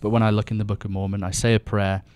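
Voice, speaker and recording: A man's voice: on the low side, flat delivery, racing, a little mellow, smooth. A young British man speaking earnestly as a podcast guest, often restarting his sentences. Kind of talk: casual conversation about faith.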